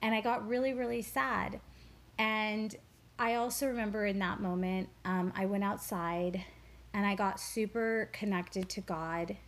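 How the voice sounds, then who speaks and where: With a mid-range, steady voice, a woman guest who is a spiritual teacher reflects earnestly in an interview through storytelling, repeating herself haltingly.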